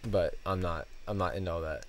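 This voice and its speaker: A man's voice: low voice, brisk. A man co-hosting a podcast, telling everyday work stories in casual chat and chuckling as he goes. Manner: chuckling anecdotal storytelling. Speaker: podcast co-host.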